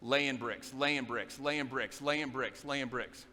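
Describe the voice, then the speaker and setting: A middle-aged man giving an energetic motivational speech on stage at a business event, repeating phrases in a driving, emphatic rhythm. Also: medium pitch, slow. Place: large event hall, live on stage. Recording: echoey hall, faint ambience.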